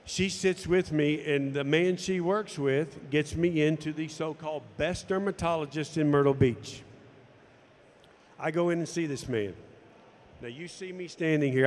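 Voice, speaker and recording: A man's voice: a little high, big-room sound, slight background noise. A man telling a personal story to camera, acting out the dialogue as he goes. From United States. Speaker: golf instructor and former tour pro.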